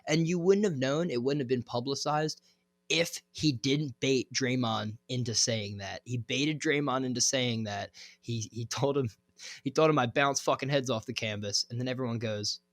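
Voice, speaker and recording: A young man co-hosting a podcast, telling stories in a relaxed, casual way. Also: medium pitch, normal speed, dry recording. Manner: relaxed storytelling, lots of fillers and swearing. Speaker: podcast co-host. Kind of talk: casual chat.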